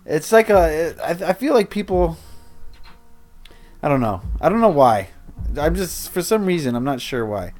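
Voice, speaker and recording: A man's voice: a little high, very animated, a little slow, pauses often, darkish tone. A man livestreaming a building game, chatting casually with viewers in a rambling, self-interrupting way. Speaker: streamer.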